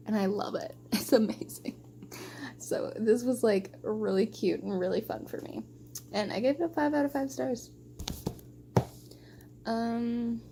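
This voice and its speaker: Young woman rambling excitedly about books, mellow voice, faint hum behind. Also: on the high side. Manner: gushing, emotional, rambling with many likes. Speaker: book vlogger. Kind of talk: casual book wrap-up chat.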